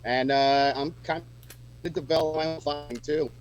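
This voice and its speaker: A man's voice: on the high side, steady tone, brisk, dull audio. Chatty male musician guest, faint hum. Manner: chatty, lots of fillers and restarts. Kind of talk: casual radio chat.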